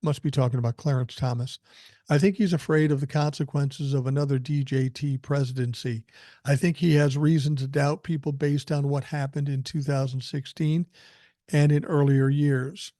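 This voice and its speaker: A man's voice: medium pitch, fairly even intonation, normal speed, mellow, no echo. An older man hosting a podcast, telling blunt, profane stories in casual chat. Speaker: podcast host. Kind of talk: casual commentary.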